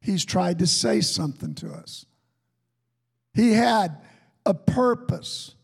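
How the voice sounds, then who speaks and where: A high-pitched man preaching from the pulpit, his words unhurried and drawn out. His voice is husky and gravelly, carrying a long echo through the church hall. He moves between folksy storytelling and fervent exhortation. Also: animated. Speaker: pastor. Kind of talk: sermon with storytelling. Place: church sanctuary.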